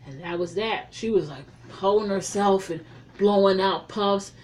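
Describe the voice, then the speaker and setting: A woman reviewing a film in a casual, profane recap, telling the story in an animated way with heavy slang. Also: mid-range voice, unhurried, a little hiss or hum.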